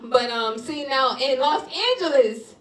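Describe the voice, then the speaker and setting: A woman's voice: sits high, lively intonation, measured pace. A woman from doing a raunchy stand-up comedy set, cursing freely and laughing at her own jokes. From Philadelphia. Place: comedy club stage before a live audience. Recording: roomy club sound from a distance, loud audience.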